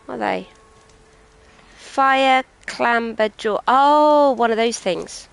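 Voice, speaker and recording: A woman's voice: a little high, slow pace, vocal fry, clear, resonant tone, no room sound, rough recording. A British woman chatting and rambling casually as she streams a video game, often poking fun at herself. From Britain. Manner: chatty, rambling and self-mocking. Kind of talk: casual gameplay commentary.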